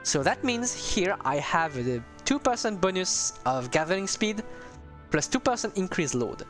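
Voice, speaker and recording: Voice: medium pitch, very animated, unhurried, faint music behind. A streamer giving casual, rambling commentary on a strategy game, talking to viewers with many hesitations.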